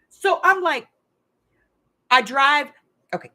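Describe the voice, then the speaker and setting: A woman's voice: fairly low pitch, sing-song, moderate pace, long pauses, sharp tone. Chatty, rambling middle-aged woman. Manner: chatty, rambling, laughs often. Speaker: host of a craft channel live game. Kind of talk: casual chat and storytelling. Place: hot room at home.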